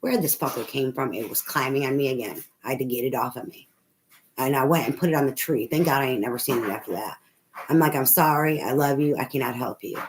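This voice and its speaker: A woman's voice: a bass voice, fast. A woman giving a casual spoken tarot reading, rambling, swearing freely and laughing often. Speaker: tarot reader. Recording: noisy home recording.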